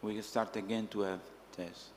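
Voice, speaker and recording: A man's voice: fairly low pitch, flat delivery, normal speed. Man teaching in a reverberant hall. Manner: earnest storytelling, acting out quoted voices. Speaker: speaker. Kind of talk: scriptural class answering questions.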